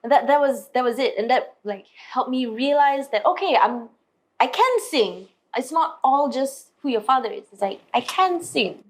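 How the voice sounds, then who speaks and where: In an interview, a singer from Malaysia shares stories in a high voice at normal speed. She performs others' lines in put-on voices, keeping things lively.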